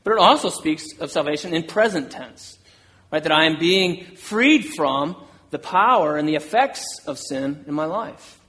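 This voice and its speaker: A man's voice: on the high side, animated, measured pace, a bit bright. A man preaching a sermon, earnest, voicing an apostle's words with rising intensity. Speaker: pastor.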